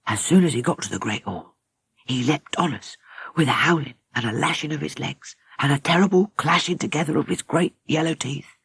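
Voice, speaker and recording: A woman's voice: low-pitched, fairly quick, gravelly, a bit bright, husky, no room sound, heavily acted. A woman voicing an old, weary male mole rat guard who tells his tale in a heavy, sad way. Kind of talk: audiobook character reading.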